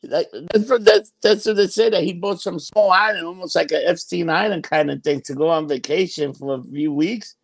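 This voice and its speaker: A man with a high voice and a gravelly, creaky edge, chatting casually on a podcast. He gossips, swears freely and laughs often. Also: normal speed, hardly any pauses. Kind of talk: casual chat.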